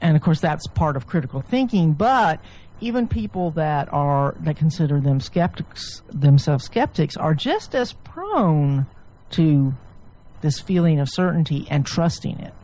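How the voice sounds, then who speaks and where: A woman physician and author, a guest, explaining ideas at length in a relaxed interview, often restarting her sentences. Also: low voice, a little slow, rough recording. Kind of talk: casual interview chat.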